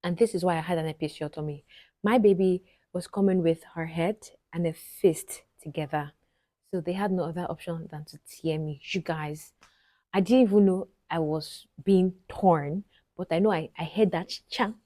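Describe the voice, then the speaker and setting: A woman's voice: on the low side, normal speed, dark tone, dry recording. A Nigerian woman vlogger telling a personal story to camera, chatty and often talking straight to her viewers. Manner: chatty, frequently addresses viewers directly.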